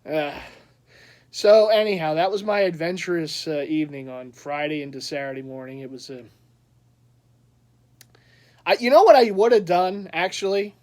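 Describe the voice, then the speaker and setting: A man's voice: on the high side, normal speed, pauses often, a little mellow. A man chatting casually in a vlog, telling a rambling story with frequent laughs and restarts. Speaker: collector vlogger.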